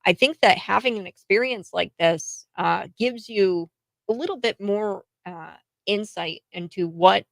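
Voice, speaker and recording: Woman, radio host, gravelly, chatty, many restarts, dry studio sound. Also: medium pitch, unhurried, no room sound. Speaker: radio talk show host. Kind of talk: casual talk radio interview.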